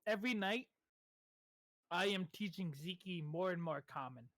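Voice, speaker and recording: A player speaking in a measured, thoughtful way during a tabletop game. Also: mid-range voice, a bit bright, dry recording, poor audio. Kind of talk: casual tabletop role-play.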